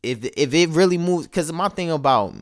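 A man's voice: a little high, animated, normal speed. A man co-hosting a podcast, talking in a laid-back, reflective way and often trailing off and restarting his thoughts. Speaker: podcast co-host. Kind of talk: casual chat. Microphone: phone-like call audio.

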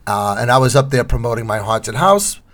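A man co-hosting a podcast in casual chat, an animated storyteller. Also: medium pitch, fairly quick. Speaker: podcast co-host.

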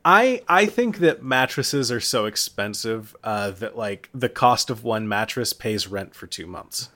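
A young man from Kentucky co-hosting a podcast, dry and deadpan in casual comedic chat. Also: on the low side, unhurried. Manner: dry deadpan, directing takes like a producer. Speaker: podcast co-host.

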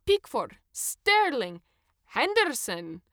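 A woman voicing a jovial, burly male ticket checker who talks loud, drawn-out and gleeful. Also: high voice, expressive, clean tone, dry recording, clean studio sound, pitched above the performer's own voice, exaggerated voice.

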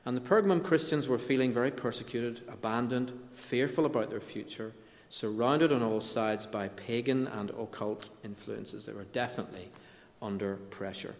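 A man's voice: medium pitch, moderate pace. A middle-aged man preaching a sermon in a conversational way, with asides and restarts. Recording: long hall reverb.

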